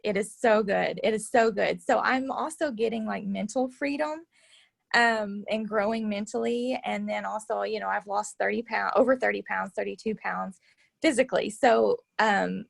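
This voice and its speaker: A woman's voice: mid-range voice, normal speed, vocal fry, dry recording, clean studio sound. A woman, talking as a team coach in casual motivational chat, rambling with many fillers and restarts.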